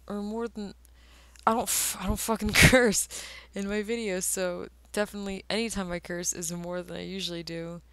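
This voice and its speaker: Smooth and a bit bright, this medium-pitched woman's voice comes through with no echo. As an artist vlogger, she draws on camera while drunk, giving slurred, rambling, casual commentary laced with cursing and murmured trail-offs.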